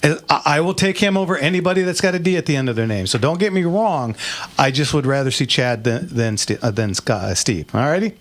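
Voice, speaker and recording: A man's voice: a little high, lively intonation, fast talker. A man hosting a call-in radio show, folksy and easygoing, with frequent restarts. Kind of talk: casual call-in talk.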